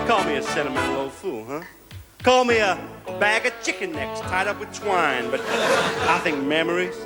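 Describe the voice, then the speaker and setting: A man doing an oily, smarmy club comedian. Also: a little high. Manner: brash stand-up patter with corny punchlines. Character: smarmy male club comedian "Larry", middle-aged, oily and ingratiating. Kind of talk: stand-up comedy routine.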